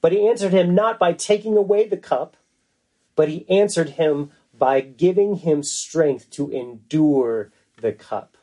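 A man preaching a sermon in an earnest, emphatic way, slowing down to stress key phrases. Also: on the high side, dark tone.

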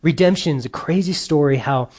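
A man's voice: a little high, moderate pace, a little mellow, husky. A man preaching a sermon as a pastor, telling stories and giving emphatic points. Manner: storytelling with quoted voices, emphatic.

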